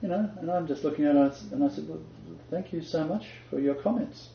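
A man's voice: fairly high pitch, fairly quick, creaky, a little hiss or hum. Emphatic older man in an echoey room. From Australia. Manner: emphatic, chuckling, quotes scripture. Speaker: Christian teacher. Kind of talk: conversational sermon-style talk. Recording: echoey room, dull lo-fi sound.

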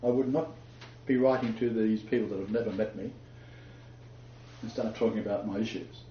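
A man's voice: on the low side, fairly even intonation, fairly quick, slight background noise. A man giving a chatty Bible lecture, joking and laughing at his own asides. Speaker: Bible teacher. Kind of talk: lecture-style Bible teaching. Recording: dull echoey room recording.

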